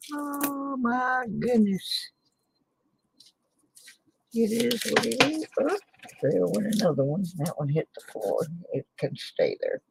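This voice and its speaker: A weary woman talks at an unhurried drawl in her living room late at night, thinking aloud in a folksy, meandering way. Her voice has a gravelly fry yet rises and falls a great deal. Soft sighs and muttered exclamations run through her talk. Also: low voice, a little hiss or hum, rough recording. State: tired and sleepless. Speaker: coin roll hunting vlogger. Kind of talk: late-night casual chat while searching coins.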